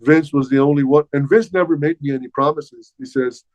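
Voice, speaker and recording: An older man, a former wrestler, telling stories as an interview guest in a lively way, stumbling over and repeating his words. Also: fairly high pitch, brisk, no room sound. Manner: animated, repeats words while recounting past dialogue. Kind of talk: casual storytelling. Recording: dull, slightly muffled dry sound.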